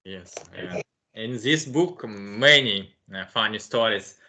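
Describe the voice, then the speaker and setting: Bright-voiced man with a Russian accent. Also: lowish voice, lively intonation. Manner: halting, broken English. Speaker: interviewer. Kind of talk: interview host remarks.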